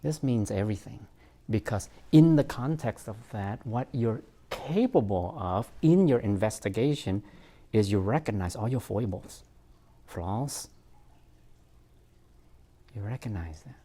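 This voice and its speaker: A therapist speaks slowly to a group of parents, his voice low and soft rather than bright. He is reflective and self-deprecating, pausing with fillers and laughing at himself as he goes. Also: lively intonation. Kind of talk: informal talk to parents.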